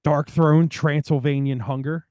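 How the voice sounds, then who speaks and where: A man's voice: a little high, fairly even intonation, a little slow, dark tone, no room sound. Podcast co-host, man, middle-aged, foul-mouthed fan, dry studio sound. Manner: swears a lot, enthusiastic about records. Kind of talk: casual chat.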